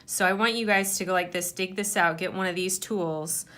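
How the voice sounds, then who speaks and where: A woman's voice: fairly low pitch, steady tone, moderate pace, fairly bright tone. A woman giving a hands-on clay tutorial, explaining each step patiently. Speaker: clay art teacher.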